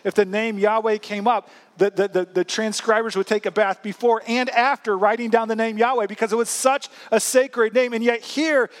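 A man preaching a sermon, earnest, with frequent restarts and emphatic rises. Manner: rises in pitch and volume at emphatic points. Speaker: pastor.

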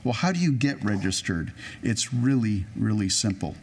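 A man pastor preaching a sermon, telling personal anecdotes in a chatty way and slowing down to read scripture. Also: lowish voice, lively intonation, a little mellow, a little hiss or hum.

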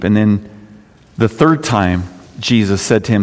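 A man's voice: on the low side, normal speed, a little mellow. A male pastor preaching a sermon in a conversational way, often rising for emphasis. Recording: long reverb of a hall.

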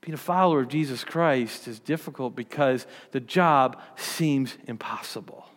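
A man's voice: medium pitch, normal speed, in a large hall. A man preaching a sermon, earnest and conversational, often restarting his sentences as he explains. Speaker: pastor.

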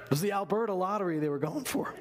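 A man's voice: high-pitched, lively intonation, quick pace, over a noisy crowd. A man pastor preaching a sermon in an emphatic, conversational way.

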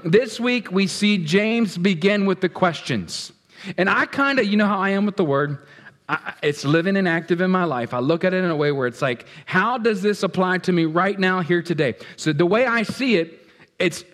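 A fairly high-voiced man preaches to his congregation, bantering and asking them questions as he goes. His voice rings out in a large church hall with a long reverb tail. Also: fairly bright tone. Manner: conversational, playful, addresses congregation directly. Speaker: pastor. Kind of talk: sermon. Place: church sanctuary. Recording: echoey hall.

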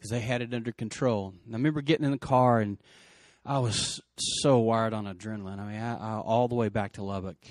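A man's voice: fairly low pitch, fairly even intonation, no room sound, clean studio sound. Earnest man telling a story. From West Texas. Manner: earnest, emotional, quick surges and hushed drops. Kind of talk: personal storytelling.

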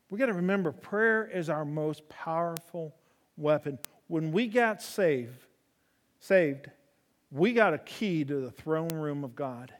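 Folksy preacher in a reverberant hall. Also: male voice, unhurried. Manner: folksy storytelling with humor; swings from loud emphasis to soft, low delivery. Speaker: preacher in a horse ministry. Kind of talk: sermon.

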